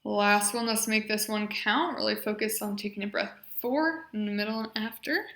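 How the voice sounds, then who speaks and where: A young woman leading a speech exercise class, encouraging and modeling loud, drawn-out vowels and short phrases. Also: medium pitch, reverberant. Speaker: speech therapy exercise leader.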